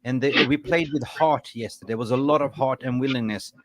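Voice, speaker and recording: A man hosting a live call-in fan show, upbeat, giving callers shout-outs. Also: medium pitch, brisk, no room sound. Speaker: host.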